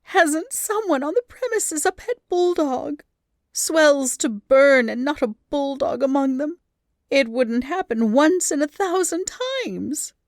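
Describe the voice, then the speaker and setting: Brief: woman doing a high, dramatic young lady, wailing and exasperated, dry close sound. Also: slow pace, no room sound. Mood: distraught. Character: flustered young society woman with an unruly dog.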